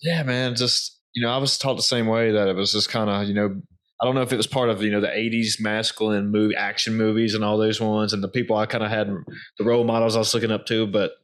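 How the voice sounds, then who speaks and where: A man's voice: fairly low pitch, level tone, fast talker. A man hosting a podcast, chatting casually and saying "dude" and "man". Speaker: podcast host.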